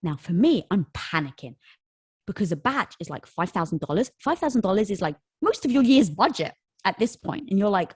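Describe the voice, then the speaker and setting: An animated woman in her thirties tells a story as an interview guest, slipping into quoted voices as she goes. Her voice sits at a middle pitch, and the recording is dry and close with little room sound. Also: a little fast, breathy edge, no room sound. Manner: lively storyteller who acts out quoted dialogue. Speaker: company co-founder, interview guest.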